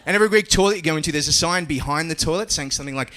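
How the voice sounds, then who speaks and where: A man's voice: fairly high pitch, racing, bright, forceful tone. A middle-aged Australian man doing a stand-up comedy set on a club stage, dry and profane with hesitant fillers.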